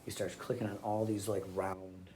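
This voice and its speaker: Man, comic storyteller, lowish voice, rambling and loose, with a clear hiss of noise behind him. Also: level tone, moderate pace, warm tone, poor audio. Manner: loose, rambling, full of fillers and restarts.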